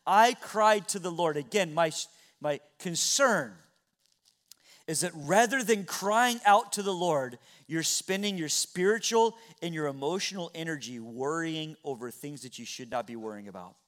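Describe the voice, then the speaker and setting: A middle-aged male pastor preaching a sermon in a church, earnest, dropping to hushed tones and rising to loud exclamations. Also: on the high side, expressive, normal speed. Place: church sanctuary.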